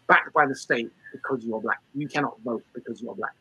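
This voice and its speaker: A British man answering an interview question at length, as a guest author, in a forceful, argumentative, lecture-like way. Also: mid-range voice, expressive, breathy edge, no room sound, rough recording. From Britain. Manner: rapid, forceful, argumentative delivery.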